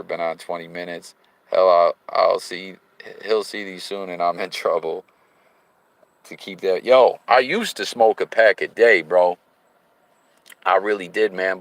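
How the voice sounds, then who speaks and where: A man's voice: sits low, no echo, low-quality recording. A man hosting a livestream from a car, chatting loosely and reading viewer comments aloud in slang-heavy talk with sudden hyped bursts. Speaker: livestream host. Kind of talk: casual live chat reading viewer comments. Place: in a car while driving.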